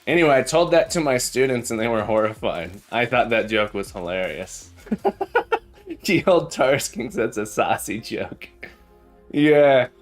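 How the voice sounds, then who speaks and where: A programming teacher chats casually on a live coding stream, cracking jokes and repeating his phrases often. His mid-range voice is very animated and a little slow, with faint music in the background.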